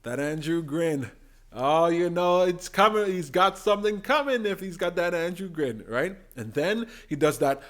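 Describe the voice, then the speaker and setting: A man vlogger giving excited, gushing commentary on debate clips, often mimicking the people he talks about. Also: a little high, normal speed. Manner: animated and gushing, mimicking voices.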